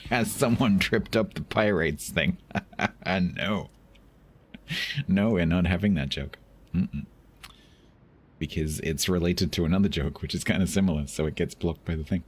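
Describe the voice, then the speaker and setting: This is a man from London speaking with a Southeast English accent, his voice sitting very low and deep. He chats casually to his stream, rambling from point to point and dropping dry joking asides as he goes. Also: moderate pace, long pauses, breathy edge. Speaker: game streamer. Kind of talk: casual live-stream chat.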